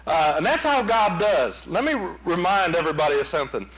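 Pastor guy preaching, folksy storyteller, kinda high voice. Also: lively intonation, a little fast, fairly bright tone, rough recording. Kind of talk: sermon.

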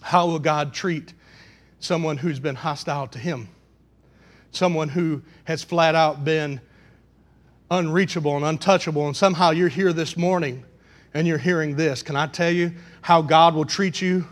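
A male pastor preaching a sermon to a congregation, swinging between loud passionate outbursts and hushed pleading. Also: on the high side, fairly even intonation, normal speed. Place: church in front of a congregation.

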